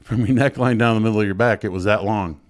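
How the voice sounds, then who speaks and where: A man with a fairly low, smooth and resonant voice tells a hard personal story. He is blunt and profane, with rambling asides. The sound is dry and close. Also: fairly even intonation, quick pace, dry recording. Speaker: guest sharing his story. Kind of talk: emotional casual storytelling. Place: joining a livestream remotely.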